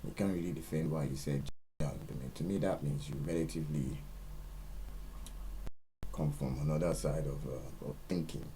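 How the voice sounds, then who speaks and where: Nigerian male host, very low and dark voice, emphatic ranting monologue, faint hiss behind. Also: fairly even intonation, normal speed, long pauses, rough recording. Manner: emphatic, ranting, rising into loud outbursts. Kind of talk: opinionated monologue.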